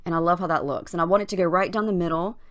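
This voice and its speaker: A woman with a scratchy morning voice, casually narrating her craft process in a chatty, unhurried voiceover with plenty of fillers. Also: lowish voice, fairly even intonation. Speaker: crafting channel host. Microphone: voiceover recorded separately from the footage.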